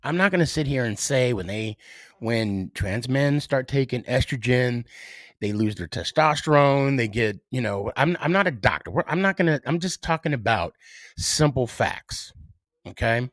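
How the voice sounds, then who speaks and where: A middle-aged man hosting a solo podcast, giving his views in a halting way, full of fillers and restarts. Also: mid-range voice, expressive, no echo, clean studio sound. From United States. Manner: hesitant, many fillers and restarts. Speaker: podcast host.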